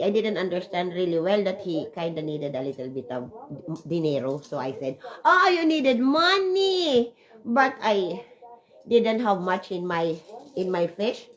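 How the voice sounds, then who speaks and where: Speaking at a moderate pace in a lowish, slightly mellow voice, a woman from Switzerland records a rambling personal vlog with rough audio quality. She's emotional and chatty, occasionally tearful, and full of filler words.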